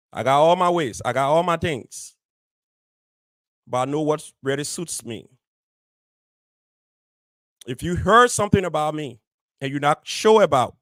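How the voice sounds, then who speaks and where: An adult, married man who hosts a community radio show speaks straight to his audience, leaning firmly on his points and repeating key phrases. His voice is fairly high-pitched, and the recording is dry.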